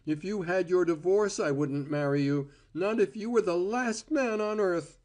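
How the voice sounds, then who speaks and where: A man reading an audiobook voices a furious, scornful young woman with a shrill, screaming tone. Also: moderate pace, a little mellow, natural voice. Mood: cold, bitter. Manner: scornful and bitter. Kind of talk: audiobook character voice.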